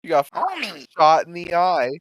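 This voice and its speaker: A man chatting casually as a podcast guest, halting and often restarting his sentences. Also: sits high, very animated, fairly bright tone, no echo, studio quality. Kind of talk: casual chat.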